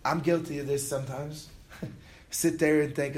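A male pastor preaching a sermon in a conversational way, acting out people's inner thoughts in quick quoted asides. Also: a little high, steady tone, darkish tone.

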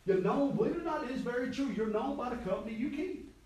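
A man's voice: very high-pitched, animated, fast talker, darkish tone. A middle-aged man preaching a sermon as pastor, telling folksy stories with quoted dialogue. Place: church sanctuary. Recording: echoey hall, distant mic.

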